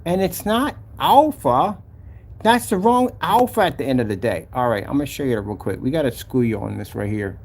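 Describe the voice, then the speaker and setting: Gravelly, lively man mocking a critic. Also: mid-range voice, a little fast. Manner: mocking and exasperated, repeats his points. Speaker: company owner showing his product site. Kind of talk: casual screen-share commentary.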